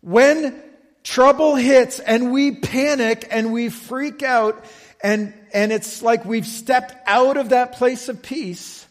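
A man preaching a sermon, slow and emphatic, often checking in with the listeners. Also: very high-pitched, steady tone, big-room sound. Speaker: pastor.

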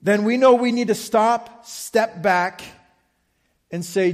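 A man preaching a sermon, slow and emphatic, often checking in with the listeners. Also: high-pitched, in a large hall. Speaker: pastor.

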